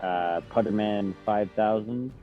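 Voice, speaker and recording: Low-voiced joking male player. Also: a little slow, lo-fi sound, soft background music. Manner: casual, joking. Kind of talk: casual chat.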